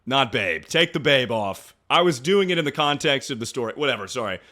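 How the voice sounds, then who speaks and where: A man's voice: mid-range voice, animated, brisk, bright, forceful tone. Rambling, joking young man. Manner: rambling, joking, trails off into mumbles. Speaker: streamer reacting to viewer stories. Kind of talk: casual crude commentary.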